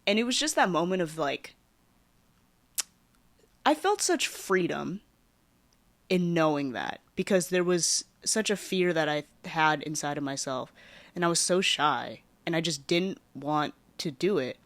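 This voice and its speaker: A woman hosting her own podcast, telling a personal story in a rambling, casual way with lots of fillers and lively swings in her voice. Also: sits low, measured pace, no room sound. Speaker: podcast host.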